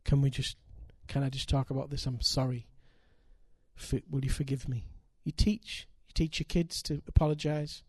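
An older man, preaching a sermon and telling stories with animated, emphatic delivery. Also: medium pitch, moderate pace, dry recording. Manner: animated, building to loud emphatic peaks. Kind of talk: sermon with storytelling.

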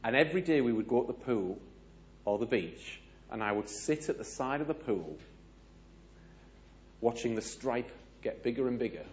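A British man speaking to a gathered audience, telling a lively personal story, asking the audience questions and acting out the dialogue. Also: medium pitch, normal speed, long pauses, muffled recording, slight background noise. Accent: British English. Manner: animated, asks audience questions, acts out dialogue. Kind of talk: storytelling sermon.

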